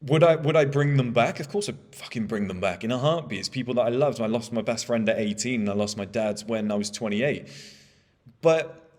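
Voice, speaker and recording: Blunt motivational speaker: man, 30s, mid-pitched, candid and profane, recorded in a reverberant room. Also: a little fast, darkish tone. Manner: candid and blunt, swears freely. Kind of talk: motivational monologue.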